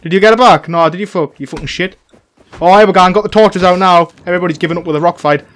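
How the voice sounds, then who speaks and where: A young man commentating his own gameplay in casual chat, excitable and swearing a lot, shouting taunts at other players. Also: sits high, fast. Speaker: gaming channel host.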